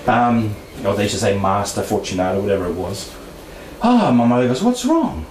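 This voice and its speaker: A man's voice: fairly low pitch, expressive, a little fast, darkish tone. A man, telling a personal story in a meandering way with frequent restarts and asides, as a guest speaker at a discussion group. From Brisbane, Australia. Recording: roomy room, distant mic, faint background noise.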